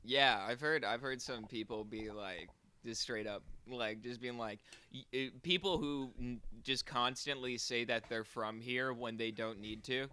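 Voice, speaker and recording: Bright-voiced young man with an Arizona accent. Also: mid-range voice, a little slow, smooth. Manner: rambling, lots of "like" fillers. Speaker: podcast co-host. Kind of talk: casual chat.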